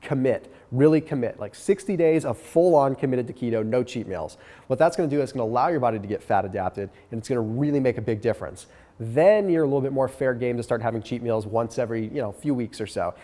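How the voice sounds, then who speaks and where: A man with a cold answers viewer questions, his voice nasal and stuffed-up. He talks quickly in a mellow, dark tone and coaches in a direct way. A long reverb trails behind his words. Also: mid-range voice. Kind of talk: casual Q&A advice.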